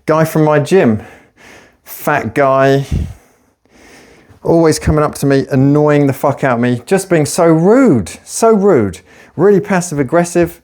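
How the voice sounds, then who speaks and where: A man's voice: on the high side, a little slow, darkish tone. A man, a personal trainer, ranting casually and profanely while working out at the gym. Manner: profane, rambling, sarcastic. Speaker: personal trainer and fat-loss vlogger. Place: gym during a workout.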